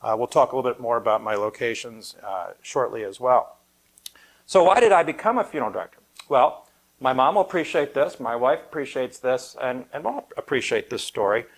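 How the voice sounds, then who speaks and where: A middle-aged man speaks to a gathered audience as a funeral director, easing into stories with light humor. His pitch sits in an ordinary middle range, and his delivery stays conversational and unhurried. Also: lively intonation. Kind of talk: live public talk to an audience. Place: event room at a funeral home, with an audience present.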